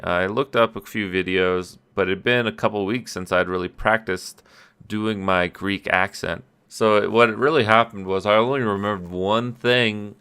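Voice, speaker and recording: A man's voice: deep voice, pushed and bright, smooth. A man casually recapping his tabletop game session as game master, rambling and self-deprecating. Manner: rambling, self-deprecating, with restarts and quick quoted voices. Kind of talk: casual solo recap podcast. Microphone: audio-only podcast mic.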